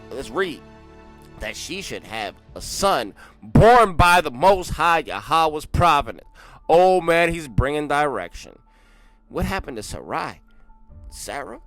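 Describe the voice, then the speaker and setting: Animated man reading with slangy asides. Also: fairly high pitch, unhurried, faint music behind. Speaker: host reading a text aloud with commentary. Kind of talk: casual read-along commentary.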